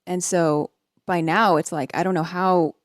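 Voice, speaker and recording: A woman's voice: lowish voice, fairly even intonation, unhurried, no room sound, studio quality. A woman hosting a podcast, chatting casually about a film score and saying "like" a lot. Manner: casual, uses "like" often. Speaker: podcast host.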